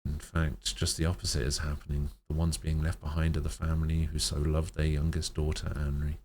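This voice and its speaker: A man streamer reading a sad story aloud in a slow, measured way, with occasional slips. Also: very deep voice, completely flat delivery, darkish tone, a little hiss or hum.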